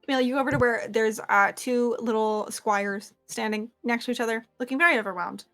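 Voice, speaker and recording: Brief: young woman game master, bright-ish voice, loose rambling narration, faint music behind. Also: fairly high pitch, steady tone, fairly quick. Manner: rambling, filler-heavy, casual. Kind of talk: narrating and voicing a tabletop game.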